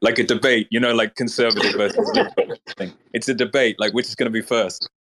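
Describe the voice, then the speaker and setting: A man in a casual online audio chat lays out his ideas, filling his speech with "like" and "um". His voice is on the low side. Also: steady tone, quick pace, fairly bright tone, slight background noise. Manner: explains with many "like"s. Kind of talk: casual discussion.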